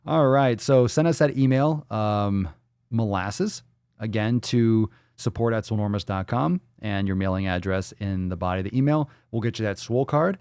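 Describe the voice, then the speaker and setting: A man's voice: on the low side, lively intonation, normal speed, a little mellow, smooth, no room sound, studio quality. A man hosting a daily fitness livestream podcast, talking casually with hype, profanity and playful catchphrases. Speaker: podcast host.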